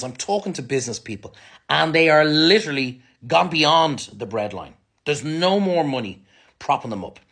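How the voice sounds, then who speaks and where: An Irish man rants bluntly to camera, his fairly high voice swinging widely as he swears. He has an angry, plain-spoken manner. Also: a bit bright. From Ireland. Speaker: restaurant business owner. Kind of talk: ranting vlog monologue to camera.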